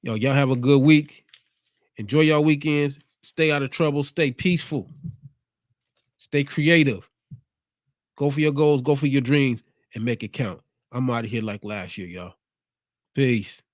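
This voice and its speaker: A man's voice: medium pitch, a little slow, long pauses, no echo, studio quality. A man hosting his own show, delivering a casual, streetwise motivational monologue with a preachy edge. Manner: laid-back, streetwise, preachy. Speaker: show host.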